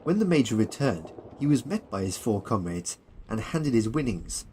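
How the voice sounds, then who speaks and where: A man's voice: mid-range voice, sing-song, moderate pace, a little mellow, a little hiss or hum, rough recording. A man narrating his own war story as an audiobook. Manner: plain storytelling. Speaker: narrator and author.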